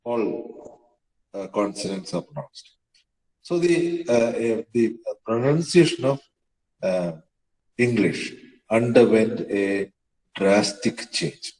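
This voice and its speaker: A man's voice: on the low side, expressive, takes it slowly, long pauses, a little mellow, echoey room, poor audio. A man lecturing on the history of English pronunciation, hesitating often with fillers and spelling words out letter by letter. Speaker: teacher.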